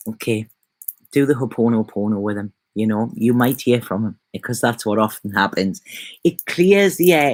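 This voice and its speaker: A woman reading tarot cards for her vlog, talking in a soft, gentle, rambling way that often turns emotional. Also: rumbling low, no room sound. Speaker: tarot reader. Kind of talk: casual spiritual vlog chat. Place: at home in bed.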